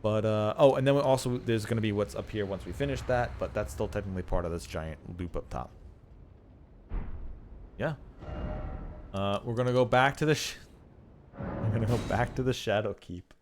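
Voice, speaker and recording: A man's voice: on the low side, moderate pace, long pauses, a little mellow, a little hiss or hum. A man streaming a game live, chatting casually and ranting with lots of swearing and laughter. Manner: rambling, profane ranting with frequent laughs.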